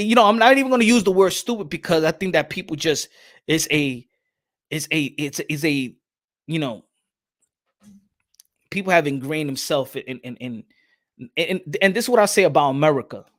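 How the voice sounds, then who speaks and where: This podcast host keeps things casual and lively, his voice sitting a bit high. He repeats words, acts out small back-and-forths, and occasionally drops in Spanish.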